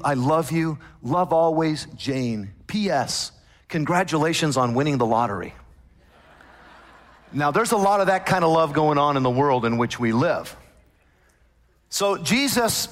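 A pastor with a somewhat high-pitched voice delivers a sermon to his congregation. He quotes scripture and slows right down to stress key words. His voice rings out with a long reverb through a large church hall. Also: a bit bright. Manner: preaching with dramatic slowing and emphasis, quoting scripture.

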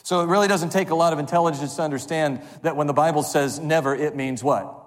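Man preaching in a reverberant church. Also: a little high. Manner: preaches with call-and-response, slowing on scripture. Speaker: pastor. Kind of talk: sermon. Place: church sanctuary. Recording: long hall reverb.

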